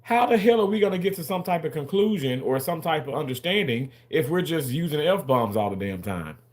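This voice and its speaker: A man's voice: on the high side, lively intonation, a little fast. A man hosting a casual livestream, rambling and repeating himself as he answers and argues with viewers in the chat.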